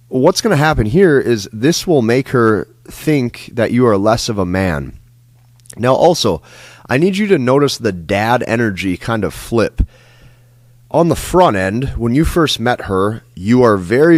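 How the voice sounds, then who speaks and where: A man's voice: medium pitch, dry recording, studio quality. A man giving a lecture-style dating advice monologue, talking emphatically and repeating himself, often tagging lines with "like" and "right?". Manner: emphatic, repetitive, frequent "like" and "right?". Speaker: dating coach.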